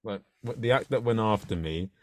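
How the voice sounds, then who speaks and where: A man's voice: on the low side, fairly quick. A man with a London accent hosting a podcast, chatty, often stumbling over his words and laughing. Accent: London English. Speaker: podcast host. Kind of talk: casual interview chat.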